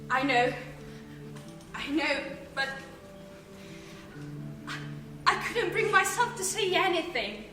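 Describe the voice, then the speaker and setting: A woman acting a wistful mother of the bride on stage, halting and repeating herself. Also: extremely high pitch, very animated, exaggerated voice. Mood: tearful. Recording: echoey stage audio with music.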